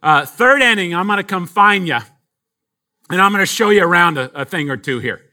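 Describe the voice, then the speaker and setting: A man's voice: high voice, expressive, brisk, bright, forceful tone, heavily acted. A man voicing a confident old woman with a Boston accent who is a lifelong ballpark regular. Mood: bossy. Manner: bossy, confident.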